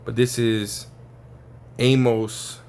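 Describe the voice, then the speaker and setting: A man's voice: medium pitch, level tone, extremely slow, darkish tone, slight background noise. Profane, casual man teaching scripture. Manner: casual and profane, frequent "right?" and "man" tags. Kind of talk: informal religious teaching.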